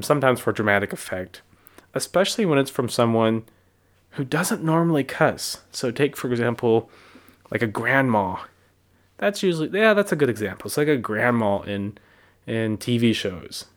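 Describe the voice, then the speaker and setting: An American man hosting a solo podcast, talking reflectively in a rambling way with fillers and restarts. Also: mid-range voice. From United States. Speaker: podcast host.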